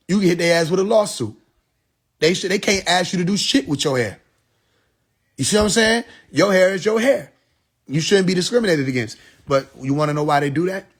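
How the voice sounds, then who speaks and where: A man's voice: on the high side, breathy edge. A man hosting a live stream, talking in a preachy, profane monologue and laughing at his own jokes.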